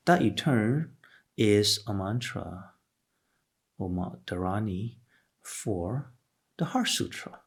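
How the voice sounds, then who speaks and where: A man's voice: on the low side, lively intonation, takes it slowly, creaky, pauses often, breathy edge. A man giving a patient, explanatory Buddhist lecture, often restarting and saying "okay" between points. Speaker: Buddhist teacher. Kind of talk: Dharma lecture.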